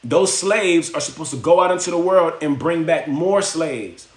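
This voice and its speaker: A man's voice: on the high side, normal speed, pitched above the performer's own voice, natural voice. A man voicing a wise older man who lectures a young scribe about saving money, in an emphatic, slangy way. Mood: insistent. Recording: roomy echo.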